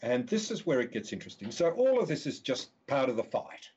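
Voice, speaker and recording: Husky guy author telling a story on a podcast, mid voice, kinda dull lo-fi sound. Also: medium pitch, very animated, brisk, a little mellow. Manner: vivid anecdotal storytelling. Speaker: author and guest. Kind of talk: storytelling interview answer.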